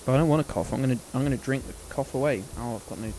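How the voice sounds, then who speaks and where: A man's voice: medium pitch, very fast, mellow, slight background noise, poor audio. A man streaming a game, chatting casually to his viewers in a rambling, sweary, joking way.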